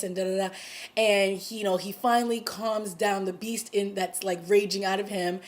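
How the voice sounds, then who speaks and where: A woman giving a casual recap of a TV episode, talking in a chatty way full of "like" and "you know" and getting excited at dramatic moments. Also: medium pitch, moderate pace. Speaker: TV show recapper.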